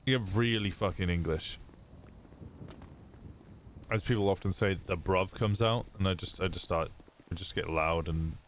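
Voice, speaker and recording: A man's voice: deep voice, moderate pace, long pauses, slight background noise. A male streamer chatting casually out of character during a role-play stream, curious and swearing freely, often trailing off mid-sentence.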